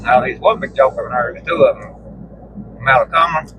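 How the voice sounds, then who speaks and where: A man's voice: mid-range voice, moderate pace, background noise. A man, telling rambling, salty stories in a casual chat and laughing at his own tales. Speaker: storyteller in conversation. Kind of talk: casual storytelling. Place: inside a moving vehicle.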